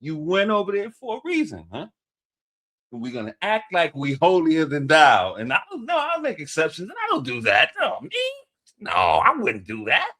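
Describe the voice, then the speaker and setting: A man co-hosting a reaction show, talking in a slangy, animated way as he reacts to clips. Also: on the high side, normal speed. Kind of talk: casual reaction commentary.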